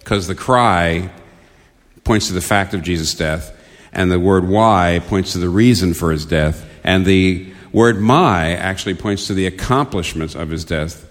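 A man's voice: deep voice, a little slow, long reverb tail. A man preaching a sermon, earnest and building to impassioned questions.

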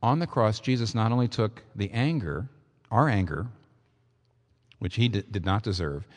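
Impassioned preacher in a reverberant hall. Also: male voice, fairly low pitch, animated, normal speed. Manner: impassioned, emphatic repetition. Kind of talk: sermon.

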